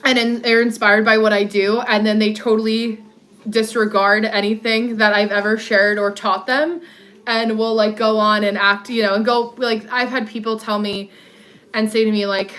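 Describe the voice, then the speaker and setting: Her voice is medium-pitched, steady, and a bit bright, at a normal speed. She's an alto-voiced woman in her thirties hosting a casual walk-and-talk livestream on her phone, responding to viewers and rambling with many "like" fillers.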